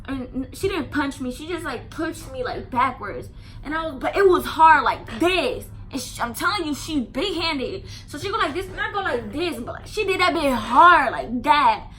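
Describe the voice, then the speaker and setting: High, bright-voiced woman telling a story. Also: moderate pace. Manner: animated, emphatic and profane, lots of "like" fillers. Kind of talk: casual storytime.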